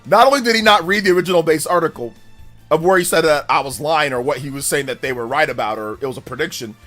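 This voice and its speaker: A man hosting a live stream, chatting in an animated, mocking way with quick bursts of speech. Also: fairly high pitch, soft background music. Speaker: streamer host. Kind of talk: live stream commentary chat.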